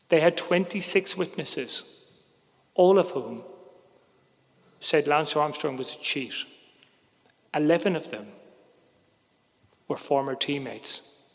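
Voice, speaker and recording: A middle-aged man, a sports journalist, telling a first-person story in a wry, measured way that drops quietly on heavy moments. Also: a little high, creaky. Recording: long reverb, hall-like.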